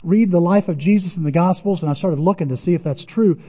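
Man, pastor, conversational sermon, animated, somewhat high voice, long hall reverb. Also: fast, breathy edge. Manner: conversational, animated, rising for emphasis. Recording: muffled sound in a reverberant hall.

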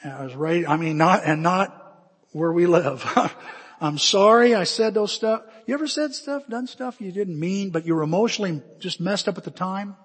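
A man preaching in a high, husky voice, telling stories with lively energy. His words ring out with a long reverb in a big hall. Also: a little fast. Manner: animated, bursts into shouts and laughter while acting out stories. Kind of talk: storytelling sermon.

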